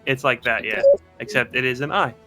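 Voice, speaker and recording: A man narrating as game master, halting and rambling with many fillers. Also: mid-range voice, over loud music. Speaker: dungeon master.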